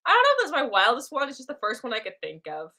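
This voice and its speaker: Young woman streamer, high lively voice with a bright edge, playful self-talk over her drawing. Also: rapid-fire. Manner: playful, talks to herself while drawing. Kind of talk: casual live drawing stream chat.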